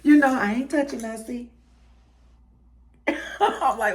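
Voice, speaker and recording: A woman's voice: a little high, unhurried, long pauses. A woman with a Southern US accent hosting a podcast, chatting casually and laughing as she talks to listeners. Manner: animated, laughing, preacherly. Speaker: podcast host.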